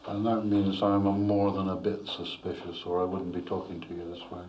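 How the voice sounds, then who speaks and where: A man's voice: low voice, completely flat delivery, brisk. A male consultant talking frankly and reassuringly with a patient during a consultation. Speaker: cancer consultant. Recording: dull, slightly noisy 1980s documentary audio.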